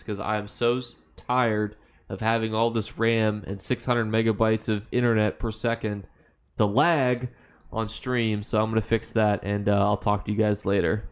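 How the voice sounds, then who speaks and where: A man's voice: lowish voice, level tone, moderate pace, clear, resonant tone. A young American man hosting a casual game livestream, reading viewer comments aloud and rambling through loose, filler-heavy answers with easy laughs. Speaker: livestream host.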